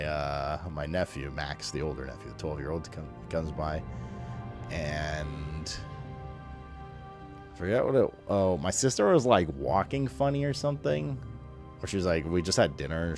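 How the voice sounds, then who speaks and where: A man with a very low voice chats loosely with his stream audience, rambling, swearing freely and answering chat messages. Soft music plays faintly behind him. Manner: rambling, profane, reading chat aloud. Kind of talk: casual chat.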